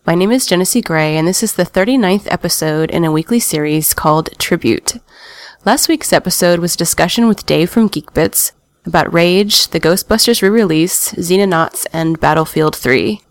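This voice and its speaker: A woman's voice: on the low side, moderate pace. A woman hosting a gaming podcast, reading the news of the week with wry asides and laughing often. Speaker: podcast host.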